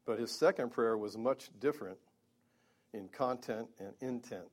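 A man's voice: mid-range voice, a little slow. A man preaching a Bible-teaching sermon, earnest, with stammering restarts and emphatic peaks.

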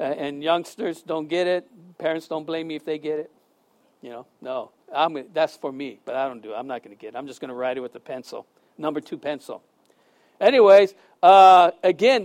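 Middle-aged pastor guy preaching in church, high voice, chatty, jokes around with the crowd. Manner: lively, conversational preaching with asides and jokes. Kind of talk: sermon. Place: church hall before a congregation.

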